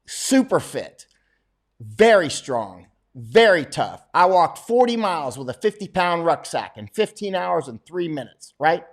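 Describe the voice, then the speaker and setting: A man's voice: on the high side, very animated, measured pace. A middle-aged man, a war correspondent, talking bluntly and boastfully in a casual livestream monologue, often chuckling.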